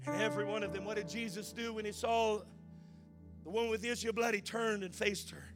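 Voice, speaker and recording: Man, pastor, sermon, shouted sing-song preaching, quiet asides, very high voice, music playing behind. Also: steady tone, fast.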